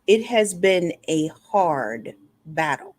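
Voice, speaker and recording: A woman's voice: lowish voice, very animated, takes it slowly, a little mellow, dry recording. A woman guest in a podcast interview, a motivational speaker telling her personal story in an earnest way and acting out remembered conversations. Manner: earnest, acts out remembered dialogue.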